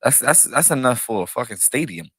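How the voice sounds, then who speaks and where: A man's voice: mid-range voice, brisk, slightly rough, no room sound. A man co-hosting a podcast in casual chat, asking questions and laughing. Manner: asks questions, laughs, lively and swearing. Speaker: podcast co-host.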